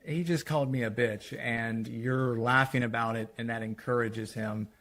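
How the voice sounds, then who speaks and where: A man's voice: mid-range voice, steady tone, normal speed, a bit bright, natural voice. A man voicing an exasperated middle-aged mother and wife, snapping back with indignant retorts.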